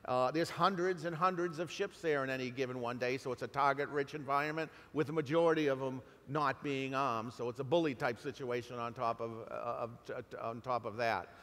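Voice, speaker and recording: A middle-aged man with a New England accent, giving a talk to an audience in a halting way, full of fillers and restarts. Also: medium pitch, steady tone, fairly bright tone. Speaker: guest speaker. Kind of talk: speech to an audience. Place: large hall. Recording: long reverb of a hall.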